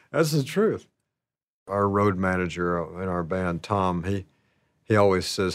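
A man telling stories about his past in a slow, rambling, casual way, laughing often. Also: fairly low pitch, no echo. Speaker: interviewee. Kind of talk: casual storytelling.

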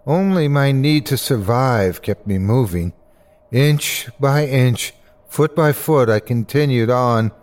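A man hosting and narrating a horror story with a dramatic, expressive delivery. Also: medium pitch. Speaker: host and narrator.

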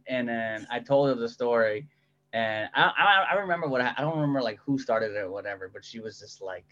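A man guesting as a comedian who tells his stories in a halting way and laughs through them. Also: mid-range voice, a bit bright. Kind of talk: casual chat. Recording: muffled lo-fi audio.

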